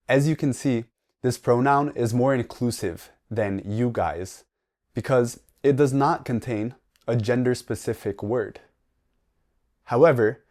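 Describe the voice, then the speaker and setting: Slow, careful man teaching English. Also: medium pitch, warm tone. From United States. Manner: slow, careful, deliberate delivery for learners. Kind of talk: slow scripted lesson narration.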